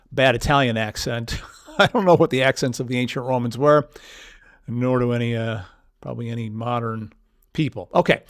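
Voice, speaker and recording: A man teaching stock market technical analysis, walking through charts and piling up vivid words for emphasis. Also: medium pitch. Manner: emphatic, piles up vivid synonyms. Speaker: market educator. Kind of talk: chart walkthrough lesson.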